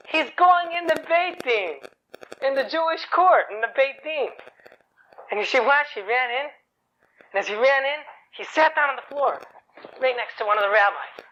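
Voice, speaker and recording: Chatty male storyteller, bright voice. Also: extremely high pitch. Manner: chatty, asks rhetorical questions. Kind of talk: inspirational storytelling. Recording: dull lo-fi recording.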